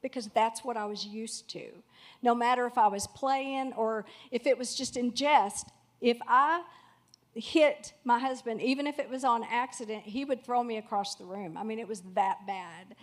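A woman's voice: fairly high pitch, moderate pace. A middle-aged woman sharing her personal testimony in a candid, heartfelt way. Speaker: pastor's wife sharing testimony.

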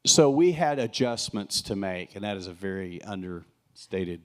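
A man's voice: low-pitched, animated, measured pace. Earnest preaching man sharing testimony. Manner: earnest, preacherly, with joking asides. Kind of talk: sermon-style testimony.

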